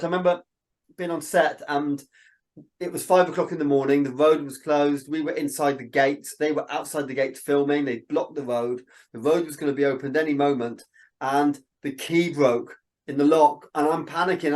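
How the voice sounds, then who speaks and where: A fairly high-voiced man chats as an interview guest. He tells lively anecdotes and acts out the lines of the people in them. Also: moderate pace. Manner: animated storyteller, quotes people in dialogue. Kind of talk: casual interview chat.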